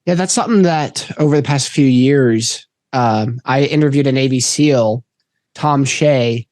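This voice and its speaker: A man's voice: mid-range voice, a little slow, darkish tone, dry recording, studio quality. A man hosting a podcast, talking in a reflective, conversational way. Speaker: podcast host. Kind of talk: casual podcast interview.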